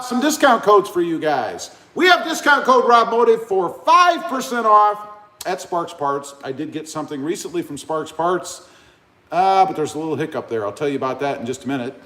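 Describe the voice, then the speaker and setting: A man hosting a casual live stream, rambling and joking as he reads out comments. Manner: rambling, joking, lively pitch swings. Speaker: livestream host. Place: indoor room, 88 degrees. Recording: echoey room.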